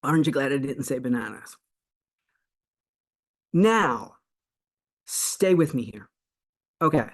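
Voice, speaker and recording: A woman's voice: very deep voice, lively intonation, slow pace, pauses often. Earnest woman explaining, checks in often. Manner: earnest and explanatory, checks in with a frequent "right?", restarts mid-phrase. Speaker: self-help coach and channel host. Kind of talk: spiritual self-help teaching monologue.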